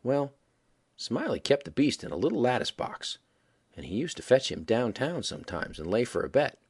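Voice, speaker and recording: A man reading a story aloud as a folksy, animated yarn-spinning narrator with a husky voice. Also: mid-range voice, moderate pace. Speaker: audiobook reader.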